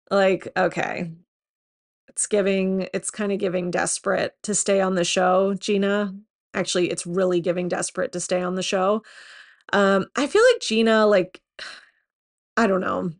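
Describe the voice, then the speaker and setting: Chatty woman gossip podcaster. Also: medium pitch. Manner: chatty and animated, many fillers, laughs at own jokes. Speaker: podcast host. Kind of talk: casual reality TV gossip commentary.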